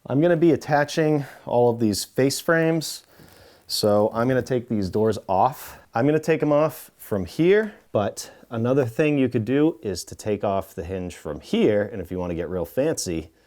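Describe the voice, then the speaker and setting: A man hosting a casual how-to, talking relaxed while he works with tools and now and then dropping into mutters. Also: fairly low pitch. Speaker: DIY home renovation host. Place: indoor pantry under renovation.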